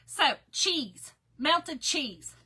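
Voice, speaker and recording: Chatty woman with a bright voice. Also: high voice, expressive, very slow, poor audio. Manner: chatty, folksy, reads out viewer names. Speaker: craft livestream host. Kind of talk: casual livestream chat while crafting.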